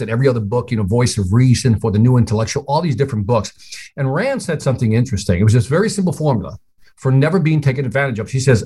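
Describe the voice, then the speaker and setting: A man holds forth as a podcast guest. His voice is a bit husky, and his pitch swings widely as he makes his points. He talks in emphatic, opinionated bursts and laughs easily. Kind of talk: casual interview chat.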